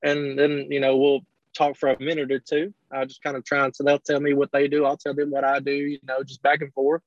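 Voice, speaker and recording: A man's voice: mid-range voice, completely flat delivery, fairly quick, dry recording, lo-fi sound. A man, an online creator chatting casually on a podcast, swearing and acting out what people said. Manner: profane, storytelling, acts out quotes.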